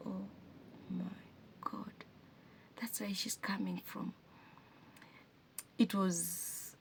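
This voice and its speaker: A woman's voice: on the low side, gravelly, darkish tone, slight background noise. A Kenyan woman vlogging as a single mother, retelling a hard family day in an earnest, emotional way and often restarting her sentences. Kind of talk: personal storytelling to camera.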